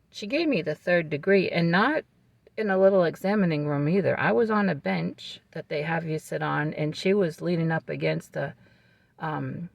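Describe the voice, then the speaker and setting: Calm vlogger with a creaky voice. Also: medium pitch, dry recording. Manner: calm, measured retelling with fillers and restarts. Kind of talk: casual storytelling to camera.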